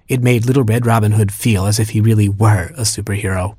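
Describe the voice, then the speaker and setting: A man narrating a children's story in a lively, playful reading style. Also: fairly low pitch, normal speed, hardly any pauses, slightly rough, dry recording, studio quality.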